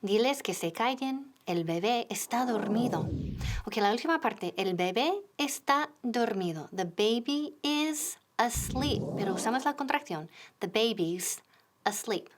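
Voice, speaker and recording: A woman explaining English phrases, slowing down to model them clearly. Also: a little high, expressive, noisy background. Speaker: English teacher presenter. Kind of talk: bilingual lesson explanation.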